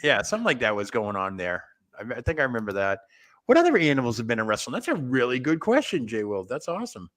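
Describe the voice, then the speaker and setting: A man's voice: mid-range voice, sing-song, quick pace, a bit bright. A man co-hosting a wrestling talk show in casual panel chat, rambling, thinking aloud and laughing often.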